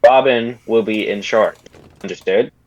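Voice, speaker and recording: A man's voice: on the low side, a little slow, darkish tone, poor audio. A man playing a commanding male gang boss in a tabletop game, stern and threatening, correcting himself as he goes. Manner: stern, rambling, with self-corrections.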